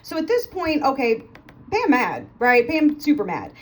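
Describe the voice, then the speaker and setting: A woman teaching nursing students, telling a playful story quickly and stopping to check in with "okay?" after almost every point. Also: high-pitched, huge pitch swings. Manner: fast, chatty, playful, keeps checking with "okay?". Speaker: nursing tutor.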